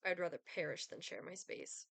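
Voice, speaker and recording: A woman voicing a cold, sardonic male Grim Reaper in a dating game, speaking in a dry, disdainful, deadpan way. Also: fairly low pitch, fairly quick, gravelly, no echo. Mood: haughty.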